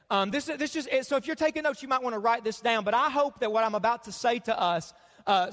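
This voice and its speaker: A pastor in his thirties with a strikingly high voice delivers an animated sermon, teasing the congregation. His voice rings out through a large church hall with a long, trailing reverb. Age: 30s. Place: church sanctuary.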